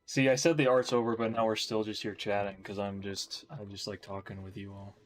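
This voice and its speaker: A man's voice: fairly low pitch, little pitch movement, a little fast. A man chatting casually while drawing on stream, rambling and joking about himself. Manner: rambling, jokey, self-mocking.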